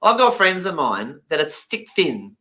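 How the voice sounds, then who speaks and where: Bright-voiced man telling jokes. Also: fairly high pitch, a little slow. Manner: lively, emphatic, playful. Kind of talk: stand-up comedy storytelling.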